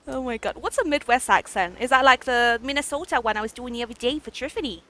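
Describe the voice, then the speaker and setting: Giggly, excitable woman streamer. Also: on the high side, moderate pace, pauses often. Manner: giggly, excitable, trying out silly accents. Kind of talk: reading a dating game aloud with live reactions.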